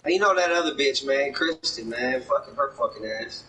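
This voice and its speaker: Rambling foul-mouthed man, bright and distant. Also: medium pitch, moderate pace, a little hiss or hum. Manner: rambling, swears often, acts out others' lines. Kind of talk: casual profane storytelling.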